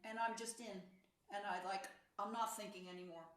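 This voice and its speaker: A woman's voice: mid-range voice, steady tone, a little fast, roomy sound, over loud music. A woman in her sixties, a pianist, giving a thoughtful talk, searching for words with fillers and restarts. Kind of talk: reflective lecture talk.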